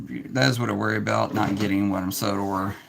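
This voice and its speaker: A man who breeds snakes, talking casually on a live stream, giving plainspoken advice and turning gently to his young son. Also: lowish voice, fairly even intonation, fairly quick, creaky, a little hiss or hum.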